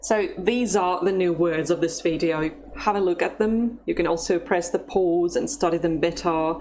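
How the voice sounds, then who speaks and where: A woman teaching a language lesson, speaking slowly and carefully in an encouraging instructional tone. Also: lowish voice, over music.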